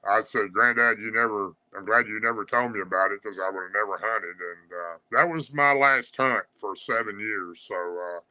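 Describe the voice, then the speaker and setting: Bright-voiced man telling a long story. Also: lowish voice, normal speed, few pauses, rough recording. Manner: rambling, with frequent "uh" and restarts. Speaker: guest recounting encounters. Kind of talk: casual spoken storytelling.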